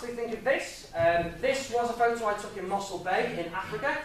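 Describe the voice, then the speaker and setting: A young man giving an informal, jokey talk to an audience, chatty and quick to laugh at his own stories. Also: high voice, animated. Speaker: guest speaker. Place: lecture room with audience. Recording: echoey room, mic at a distance.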